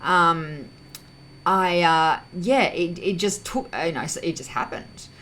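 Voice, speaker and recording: A woman hosting her own vlog, talking through her thoughts in a rambling, casual way, often correcting herself and filling pauses. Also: fairly low pitch, a bit bright, slight background noise, poor audio. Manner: rambling, self-correcting, heavy use of fillers. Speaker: vlog host. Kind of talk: casual reflective monologue.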